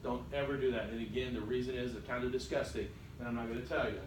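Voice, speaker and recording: In an echoey classroom, recorded from afar against a noisy background, a man delivers a college lecture with teasing, wry remarks. His mid-range voice holds a steady tone and moves quickly.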